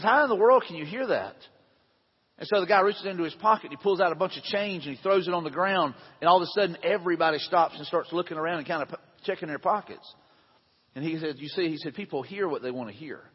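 A man's voice: a little high, slightly rough. A middle-aged man preaching a conversational sermon to a room, asking the audience questions. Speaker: pastor. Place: large hall with audience. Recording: dull lo-fi sound in echoey hall.

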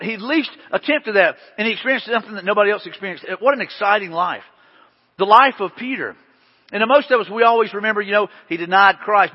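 A male pastor with a high, husky voice delivers a folksy, story-driven sermon to his congregation. His voice trails off into a long church-hall echo, and the recording sounds dull and lo-fi. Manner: conversational, storytelling preaching with folksy asides.

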